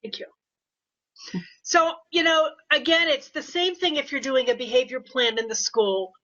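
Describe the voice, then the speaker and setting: An older woman, a behavior consultant, speaking in a casual podcast interview and telling animated stories with quoted voices. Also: sits high, moderate pace. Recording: dull lo-fi audio.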